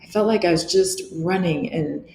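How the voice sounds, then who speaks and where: A woman's voice: fairly low pitch, normal speed, gravelly, mellow. A middle-aged woman, a podcast guest, speaking earnestly and reflectively, often restarting her sentences. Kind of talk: candid interview talk. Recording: echoey room with faint noise.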